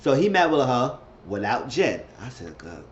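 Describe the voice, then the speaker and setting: A man's voice: medium pitch, big pitch swings, moderate pace, slight background noise. Casual male recap vlogger, talky and repetitive, dull home mic sound. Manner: chatty, repeats himself, acts out quotes in shifting voices.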